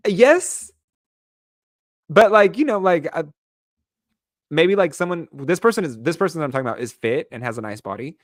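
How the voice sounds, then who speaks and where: Lively, laughing gay podcast co-host. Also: male voice, on the high side, a little fast, no echo, studio quality. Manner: animated, laughing, giving tongue-in-cheek advice. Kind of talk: casual chat.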